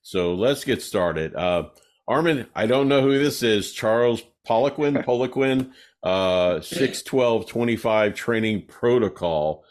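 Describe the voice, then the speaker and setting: A man's voice: on the low side, animated, slow pace. A man hosting a casual podcast, asking easygoing questions with hesitant fillers. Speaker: host.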